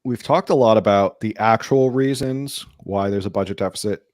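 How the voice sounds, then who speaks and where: Podcast co-host, man with a very low voice, rambling casual delivery, dry close sound. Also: normal speed, a little mellow, dry recording. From California. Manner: rambling, many restarts and fillers. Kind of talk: casual political chat.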